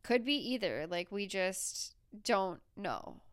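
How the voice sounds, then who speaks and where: A woman from the United States chats on a podcast in a very smooth, crisp voice, recorded close and dry. She tells stories in an animated, talkative way. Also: medium pitch, takes it slowly, no echo. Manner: chatty, animated storyteller. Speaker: podcast co-host. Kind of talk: casual chat, storytelling.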